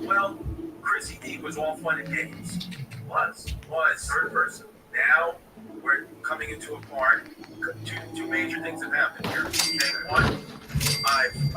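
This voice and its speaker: Rambling New comedian, far and echoey. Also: male voice, on the high side. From New York. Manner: loose, profane, digressive storytelling. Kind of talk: rambling casual chat. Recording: echoey and distant, loud music behind.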